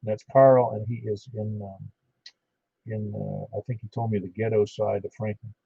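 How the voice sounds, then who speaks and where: Folksy ham radio net host. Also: male voice, fairly low pitch, flat delivery, normal speed, vocal fry, husky, dry recording. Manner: folksy and chatty, reading out call signs. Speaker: net control for an amateur radio net. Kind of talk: casual on-air radio net chat. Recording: dull lo-fi radio audio.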